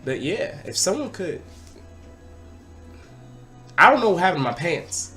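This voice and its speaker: Animated young man telling a wild story. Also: high voice, measured pace, faint music behind. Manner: animated, excitable, breaks into loud acted-out quotes. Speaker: vlogger. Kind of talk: casual storytelling to camera.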